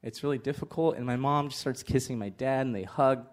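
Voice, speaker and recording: A man telling comic stories about his family on stage in a live interview, animated and laughing through the punchlines. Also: medium pitch, fairly quick. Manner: animated storytelling with bursts of laughter and shouted punchlines. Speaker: comedian guest. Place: comedy festival stage with live audience.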